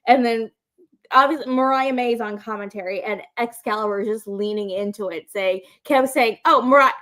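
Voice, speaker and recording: A woman co-hosting a live wrestling call-in show, chatting excitedly with lots of fillers and the odd swear. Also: medium pitch, normal speed. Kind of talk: casual chat. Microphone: livestream microphone.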